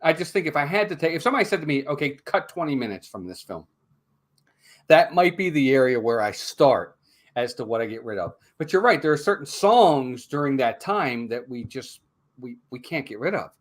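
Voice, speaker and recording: A man's voice: a little high, animated, fairly quick. A man co-hosting a casual movie review, talking emphatically and repeating words as he makes his points. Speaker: co-host, film reviewer.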